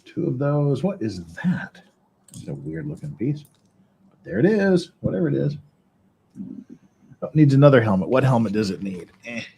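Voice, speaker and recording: A man's voice: medium pitch, very animated, normal speed, vocal fry, pauses often, warm tone, husky. A man streaming casually as he builds Lego, rambling, joking and swearing to himself. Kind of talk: casual live-stream chat.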